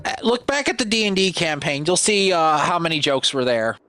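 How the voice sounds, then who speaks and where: A man chatting along with a friend's game stream, reacting quickly and groaning at the jokes. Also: fairly high pitch, big pitch swings, bright, forceful tone. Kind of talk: casual gameplay chat. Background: faint game music.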